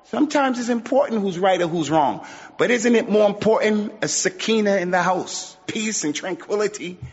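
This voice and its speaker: A man preaching a sermon, emphatic and repetitive, mixing Arabic phrases into his points. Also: sits high. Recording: muffled audio with long hall reverb.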